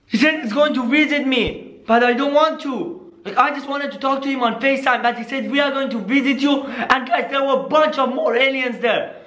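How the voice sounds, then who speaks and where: A young man hosting a prank-call skit vlog, excitable and constantly saying "yo" and "guys". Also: extremely high pitch, fairly quick. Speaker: YouTuber.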